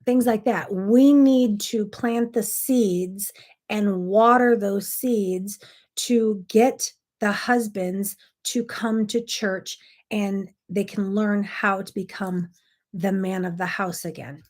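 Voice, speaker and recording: A middle-aged woman speaks straight to her camera as the host of a morning devotional show. Her voice sits at an ordinary middle pitch. She talks casually, earnestly and directly to her viewers. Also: steady tone, a little mellow. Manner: earnest and direct, acts out quoted spouses in quick little voices. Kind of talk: casual faith talk to camera.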